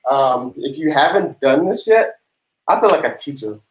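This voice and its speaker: A man with a slightly high voice and lively intonation speaks at normal speed while hosting a casual tax Q&A livestream. He grew up in the South, keeps the talk chatty and humorous with loose laughter, and the space sounds roomy and echoey.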